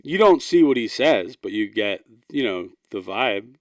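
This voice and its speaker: A man's voice: lowish voice, lively intonation, measured pace, no room sound. Man, podcast co-host, rambling casual talk, self-deprecating, dry close mic. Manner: rambling, self-deprecating, laughs mid-sentence. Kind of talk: casual chat.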